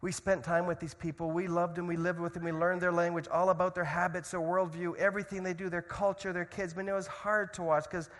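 A man gives a sermon in a church. He speaks in a fairly high voice and swings from loud, urgent stretches to hushed storytelling. A long hall reverb trails behind him. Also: flat delivery, a little fast, hardly any pauses. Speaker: missionary speaker.

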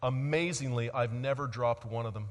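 A man preaching a sermon as pastor, swinging between loud emphasis and quiet reflective passages. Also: mid-range voice, moderate pace, big-room sound.

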